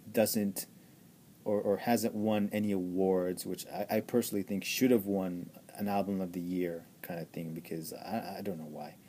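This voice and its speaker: Gushing, stammering man with a low, mellow voice. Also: slight background noise. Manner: gushing, repetitive, with many stammered restarts. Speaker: music reviewer. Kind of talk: enthusiastic album review monologue.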